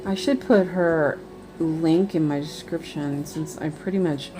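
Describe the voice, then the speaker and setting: A woman's voice: low-pitched, unhurried, dark tone, soft background music. A woman chatting casually and rambling on a live stream while she does cross-stitch. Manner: rambling, chatty, many fillers.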